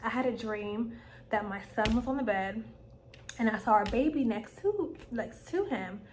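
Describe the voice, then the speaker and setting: A young woman vlogger, telling a personal story to camera in a casual, animated way and acting out her own quoted lines. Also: a little high, moderate pace, slight background noise.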